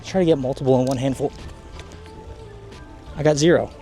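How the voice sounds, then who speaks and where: A man hosting a fishing vlog outdoors on a muddy shoreline, talking to the camera in an excited, chatty way, hot and a bit winded. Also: mid-range voice, brisk, soft background music. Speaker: fishing channel host. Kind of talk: casual outdoor vlog narration.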